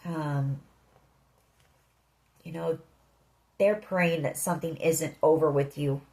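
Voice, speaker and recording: A woman's voice: sits low, fairly even intonation, slow pace, warm tone, low-quality recording. A woman giving a tarot reading, speaking earnestly and directly to the listener. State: emotional. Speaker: tarot reader.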